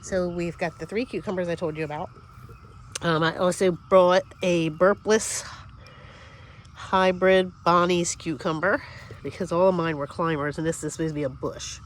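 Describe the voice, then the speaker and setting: Lowish-voiced woman showing off her garden, rambly, sniffly, quiet outdoor noise in the back. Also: fairly even intonation, normal speed. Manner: chatty, easily distracted, self-correcting. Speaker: home gardener giving a garden tour. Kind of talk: casual garden tour vlog.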